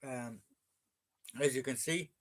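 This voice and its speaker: A man's voice: medium pitch, takes it slowly. Chatty Irish man hosting a livestream. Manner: chatty and joking, with frequent fillers. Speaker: livestream host. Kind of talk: casual live chat reading viewer comments.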